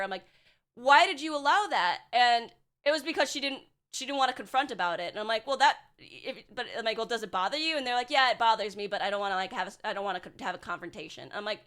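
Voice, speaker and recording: A woman's voice: a little high, bright, forceful tone. A young woman streaming as a VTuber, chatting casually and bluntly with her chat, swearing and sarcastic, full of filler words.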